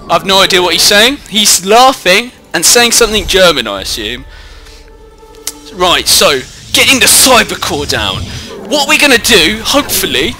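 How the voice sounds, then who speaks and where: A young British man in his teens, recording indoors at home away from his regular spot, gives jokey, rambling, self-mocking live commentary on a strategy game into a headset mic. His voice sits high with a sharp tone.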